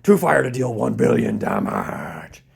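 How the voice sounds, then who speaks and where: A man's voice: mid-range voice, huge pitch swings, unhurried, gravelly, husky, heavily acted. A man voicing a newborn Charizard dragon in a mock melodramatic, whimpering tone. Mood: whiny. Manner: theatrical whimpering.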